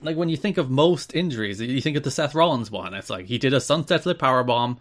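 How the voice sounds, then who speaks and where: An Irish-accented man co-hosts a podcast, reading out news items and then riffing on them loosely in casual chat. He talks fast, with a medium-pitched, expressive, somewhat bright voice.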